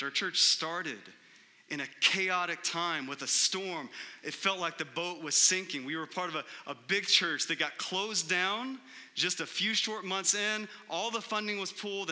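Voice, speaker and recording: Forceful high-voiced man preaching a sermon. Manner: impassioned, rhetorical questions, swings between loud and hushed. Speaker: pastor. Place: church sanctuary. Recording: echoey hall reverb.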